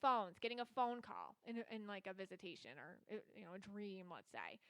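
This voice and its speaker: Woman podcast host and psychic reader, solo and casual, rambling and chatty, bright and smooth, dry close sound. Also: mid-range voice, big pitch swings, moderate pace, no echo. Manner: chatty, rambling, heavy with filler words.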